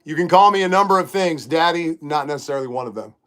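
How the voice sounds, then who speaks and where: A man's voice: on the high side, fast, fairly bright tone. A middle-aged man hosting a casual livestream from his bedroom, talking emphatically and reading viewer comments aloud. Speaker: livestream host. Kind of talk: casual live-chat monologue.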